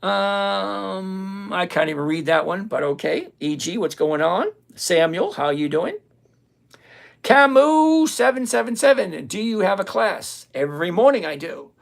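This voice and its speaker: Blunt, gravelly older livestream trading host. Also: mid-range voice, animated, unhurried. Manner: blunt, sarcastic, repeats himself for emphasis. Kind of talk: live-stream chat reading viewer comments.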